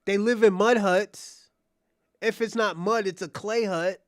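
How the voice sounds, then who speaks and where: A man hosting a livestream rants at his chat in a mocking, provocative tone, cursing, repeating himself and restarting phrases. His voice is high with fairly even intonation and a measured pace, recorded at studio quality with no echo.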